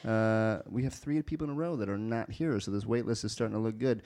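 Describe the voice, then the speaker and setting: A man's voice: fairly low pitch, quick pace, mellow. A man hosting a poetry open mic, casual and chatty with frequent fillers. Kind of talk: live event hosting.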